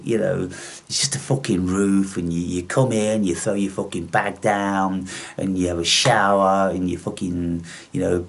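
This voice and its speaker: A man's voice: deep voice, vocal fry. A man, delivering a scornful, profane, rambling monologue to his viewers. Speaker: vlogger. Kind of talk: ranting monologue.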